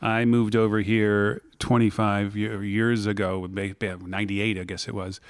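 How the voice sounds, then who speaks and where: A man's voice: lowish voice, level tone, unhurried, smooth, no echo, studio quality. A middle-aged American man telling his story as an interview guest, reflective and prone to restarts. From United States. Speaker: guest, whisky maker. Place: blending room in an office.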